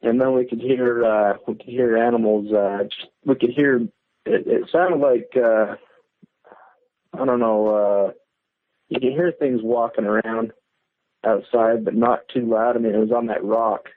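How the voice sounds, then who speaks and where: This caller's mid-range voice stays steady and measured as he phones into a show and tells a loose, meandering story with plenty of fillers and false starts. The line sounds tinny.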